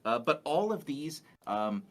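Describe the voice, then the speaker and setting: A man presenting gameplay on a livestream. He explains each feature patiently, with plenty of "uh" and "kind of". His pitch moves around a lot as he talks. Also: sing-song, a little slow, a bit bright. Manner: explanatory, many fillers and hedges. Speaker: game developer presenting gameplay.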